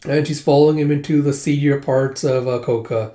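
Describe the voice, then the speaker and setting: A man's voice: medium pitch, fairly even intonation, brisk, dark tone. Chatty man with a roomy echo. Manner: retells with "it's like", laughs often. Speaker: manga reader. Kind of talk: casual comic readthrough.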